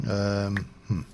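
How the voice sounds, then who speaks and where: A man's voice: on the low side, background noise. A man streaming a game, rambling and thinking aloud with lots of fillers as he plays. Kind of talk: casual gameplay commentary.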